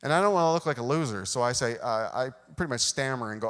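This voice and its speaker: A man's voice: medium pitch, animated, fast talker, fairly bright tone. A man preaching a sermon, telling a self-deprecating personal story and acting out the dialogue. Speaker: pastor. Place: church sanctuary. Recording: long hall reverb.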